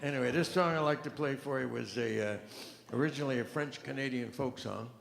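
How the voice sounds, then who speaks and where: A man doing rambling stand-up comedy with a deadpan delivery, recorded live on stage. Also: medium pitch, a little fast, vocal fry, noisy background. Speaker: comedian and pianist. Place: large event hall on stage. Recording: echoey hall, live stage mic.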